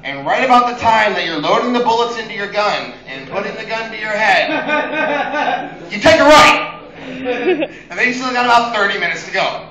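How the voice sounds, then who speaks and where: Young man, stand-up comic, high voice, crude exasperated storytelling, echoey room. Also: big pitch swings, moderate pace, pauses often, crowd noise. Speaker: stand-up comedian. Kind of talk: open mic stand-up.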